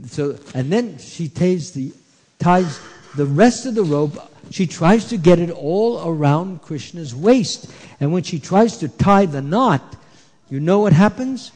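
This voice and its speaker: A man telling a story to children at a temple, animated, asking them questions and hushing them. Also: fairly high pitch, takes it slowly. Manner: animated, asks the kids questions, hushes them. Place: temple hall. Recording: echoey hall.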